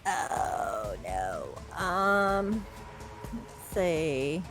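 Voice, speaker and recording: A woman takes her turn in a tabletop game, talking very slowly and working through her options out loud. She hesitates and restarts as she decides. Faint music sits under her voice. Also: on the low side, big pitch swings. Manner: hesitant, thinking aloud. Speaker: player. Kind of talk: casual tabletop game chat.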